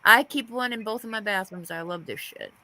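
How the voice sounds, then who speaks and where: A woman hosting a casual gossip panel chat, animated and squeamish, often exclaiming in disgust. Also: mid-range voice, brisk, low-quality recording. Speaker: panel host.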